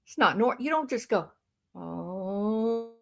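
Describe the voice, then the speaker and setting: A woman's voice: medium pitch, animated, a bit bright. A woman hosting a livestream, giving emphatic, sarcastic reaction commentary. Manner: emphatic and sarcastic, drawn-out phrasing. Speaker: livestream host.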